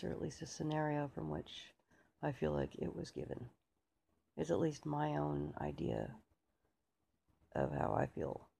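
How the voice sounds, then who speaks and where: A man giving a theatrical poetry recitation, swinging between loud swells and hushed whispers. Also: on the high side, creaky, slightly rough. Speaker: poetry reader.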